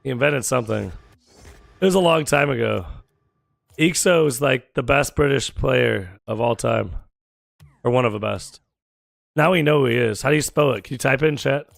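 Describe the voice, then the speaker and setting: An American man streaming a game and chatting casually with his viewers, joking, teasing and firing off quick questions. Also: mid-range voice, gravelly, no echo, clean studio sound. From United States. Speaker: gaming streamer.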